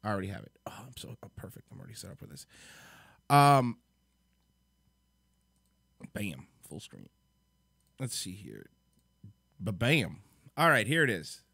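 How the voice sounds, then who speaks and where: A man's voice: fairly low pitch, sing-song, a little fast, creaky, fairly bright tone, no room sound, studio quality. A man hosting a livestream, reacting to clips in rambling, chatty commentary. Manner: rambling, chatty, thinks aloud. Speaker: host.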